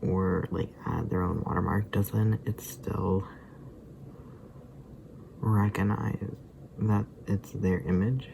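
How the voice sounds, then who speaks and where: Sleepy rambling guy with a gravelly voice. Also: on the low side, steady tone, slow pace, long pauses, noisy background. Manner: rambling, drifts into muttered whispers. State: tired, sleepy. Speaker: vlogger. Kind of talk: rambling casual vlog.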